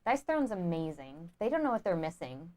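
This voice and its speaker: A woman co-hosting a board game playthrough in casual chat, excitable and quick to laugh, often calling out to the viewers. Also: on the low side. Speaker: board game player and co-host.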